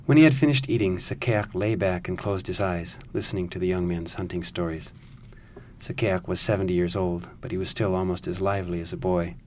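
A man, an author, speaking thoughtfully about his writing and reading his own novel aloud in a measured way. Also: deep voice, a little mellow, a little hiss or hum.

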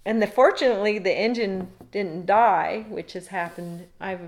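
A woman's voice: medium pitch, moderate pace. A middle-aged woman from Alaska, telling a rambling story in a casual interview and laughing often.

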